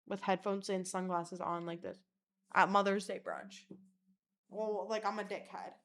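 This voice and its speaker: A young woman telling wild personal stories in a casual vlog, crude and animated, slipping into mocking voices. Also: mid-range voice, unhurried, a little hiss or hum. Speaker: vlogger.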